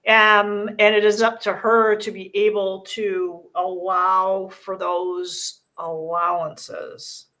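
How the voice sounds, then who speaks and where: A woman's voice: mid-range voice, level tone, takes it slowly, few pauses, sharp tone. A woman hosting a live show, giving a casual spiritual card reading in an earnest, reassuring way, often restarting her sentences.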